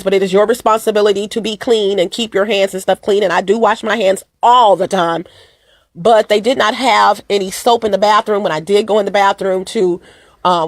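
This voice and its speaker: A woman vlogging in casual chat, hoarse from allergies and a cold, rambling and repeating herself as she talks to her viewers. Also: mid-range voice. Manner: rambling and repetitive, addresses viewers as "you guys". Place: at home.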